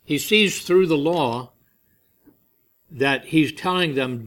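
A man's voice: a little high, slow, long pauses, fairly bright tone. A man preaching a sermon, telling a family story and acting out the voices he quotes.

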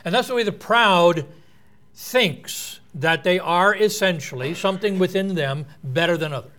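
A man's voice: high voice, normal speed, a bit bright. A man preaching a sermon in an earnest, explanatory way, quoting and unpacking scripture.

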